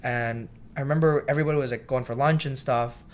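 A man who works as a cook, telling a story in a casual interview. He acts out the voices in his story, sometimes loudly, and calls himself shy. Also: mid-range voice, fairly even intonation, quick pace. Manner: self-described shy.

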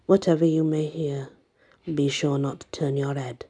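A woman's voice: sits low, little pitch movement, moderate pace, warm tone, husky. A woman voicing a grave, frightened old priest. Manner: grave warnings rising to panicked cries. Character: nervous older male parish priest, grave and fearful.

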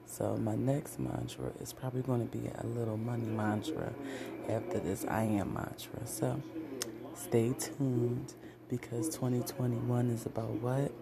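A man in a motivational vlog, reciting affirmations in slow, deliberate, repeated declarations. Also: medium pitch, creaky. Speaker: vlogger. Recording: loud crowd noise behind the voice.

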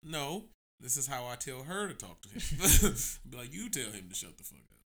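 A man in his late twenties chatting casually on a podcast, swearing freely and jumping into a high pitch when he quotes people. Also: sing-song, moderate pace, fairly bright tone. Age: 20s. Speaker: podcast co-host. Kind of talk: casual chat.

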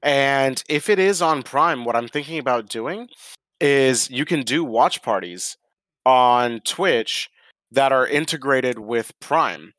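A man's voice: medium pitch, expressive, slow, fairly bright tone, no echo. Man, podcast host, casual and profane, laughs easily, dry close sound. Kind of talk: casual chat.

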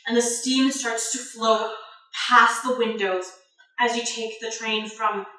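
A woman's voice: on the high side, level tone, unhurried, sharp tone. Woman GM, loose filler-heavy narration, far from the mic in a reverberant room. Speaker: game master. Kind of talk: narrating a tabletop game.

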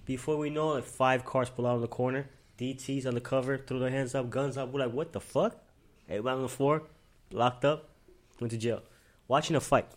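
Man, young adult, from Miami, podcast host, quick-talking, profane storyteller. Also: medium pitch, steady tone. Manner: profane street storytelling, acts out quotes. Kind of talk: casual podcast chat.

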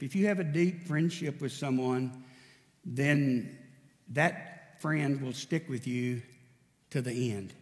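Speaking in a mid-range voice, a pastor delivers a sermon in a church sanctuary where the sound carries like a big room. He narrates stories and plays out dialogue, lifting his voice when acting the parts.

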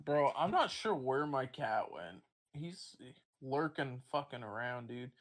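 A man's voice: mid-range voice, very animated, unhurried, fairly bright tone. A man co-hosting a podcast in loose, profane casual chat, rambling and breaking into goofy voices. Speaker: podcast co-host.

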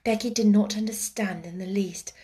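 A woman narrating a classic children's story aloud, expressive, sometimes slipping into a hushed whisper. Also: medium pitch, normal speed. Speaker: audiobook narrator.

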